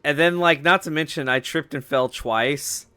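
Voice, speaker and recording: Bright, clear young man rambling over gameplay. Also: on the high side, normal speed, no room sound. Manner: rambling, swears freely, many fillers. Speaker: let's play host. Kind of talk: casual gameplay chat.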